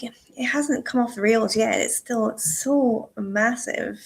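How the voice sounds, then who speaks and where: A woman's voice: on the high side, slow pace, gravelly. A Scottish woman in casual podcast chat, telling stories in a chatty way and laughing often. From Scotland. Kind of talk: casual chat, anecdotal storytelling.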